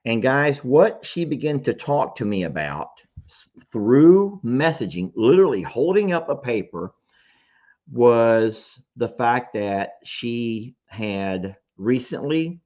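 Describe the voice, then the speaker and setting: A man's voice: mid-range voice, big pitch swings, takes it slowly, darkish tone, muffled recording. A man telling a story to his audience in casual chat, emotional and self-deprecating.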